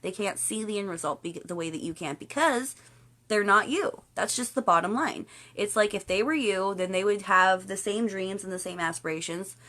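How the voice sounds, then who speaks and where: A woman's voice: medium pitch, moderate pace, sharp tone. Chatty playful woman livestream host. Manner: chatty, playful, puts on silly voices for quotes. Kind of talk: casual livestream talk.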